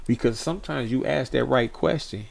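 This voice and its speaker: Gravelly-voiced man. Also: medium pitch, normal speed. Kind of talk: casual talk show chat.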